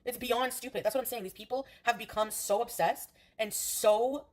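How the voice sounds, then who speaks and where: A woman's voice: on the high side, normal speed, a little mellow. A woman streamer, from Canada, ranting in a defensive, profane way during a livestream.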